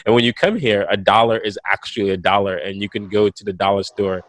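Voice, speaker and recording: A man from Jamaica hosting a podcast interview, asking questions in relaxed conversation. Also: lowish voice, quick pace, dry recording. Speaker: podcast host. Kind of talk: casual interview chat.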